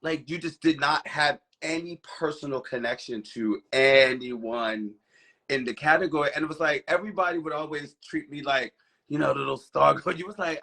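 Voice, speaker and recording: A man's voice: on the high side, moderate pace, creaky, sharp tone. Reflective male podcast host. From Baltimore. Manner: reflective, conversational, laughs easily. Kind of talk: casual interview chat.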